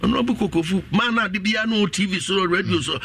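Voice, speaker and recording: A Ghanaian man with a Ghanaian accent, a guest on a radio interview, explaining in an animated way while mixing Twi and English. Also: high voice, quick pace, vocal fry, slight background noise. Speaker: agency head, guest.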